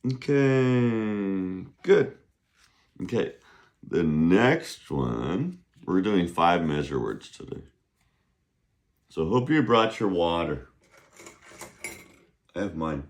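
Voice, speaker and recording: Slow, playful male language teacher. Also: sits low, big pitch swings. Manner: playful, jokey, sings to himself; slow, drawn-out model pronunciation. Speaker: Mandarin teacher. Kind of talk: casual online language lesson. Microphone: camera on a desk.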